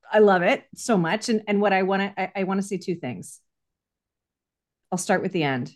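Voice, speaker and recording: A woman hosting an interview, enthusiastic and emphatic, who talks in vivid hypotheticals. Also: lowish voice. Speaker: podcast host, parent coach. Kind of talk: conversational interview.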